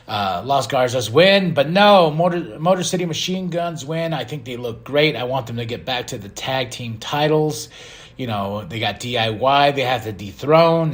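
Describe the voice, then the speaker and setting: A man hosting a podcast, giving an excitable casual recap with frequent laughs and sudden exclamations. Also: mid-range voice. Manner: excitable, animated, laughs often. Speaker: podcast host.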